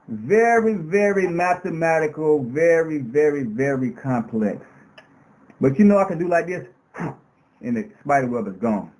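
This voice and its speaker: A man with a notably high speaking voice gives an impassioned radio interview. He sounds like a preacher, stacking emphatic repetitions and rhetorical questions one after another as he drives his point home. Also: darkish tone, low-quality recording. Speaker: interview guest.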